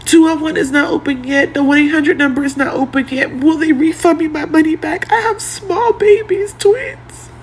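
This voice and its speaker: A woman's voice: high voice, fairly even intonation, a little fast, hardly any pauses, a little hiss or hum. A single mother pleading for help, upset and close to tears. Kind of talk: tearful phone video.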